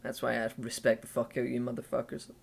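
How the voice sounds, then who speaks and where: A man's voice: mid-range voice, completely flat delivery, fast, creaky, breathy edge. A man with a Scottish accent hosting a casual podcast, joking, teasing his guest and swearing freely. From Scotland. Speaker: podcast host.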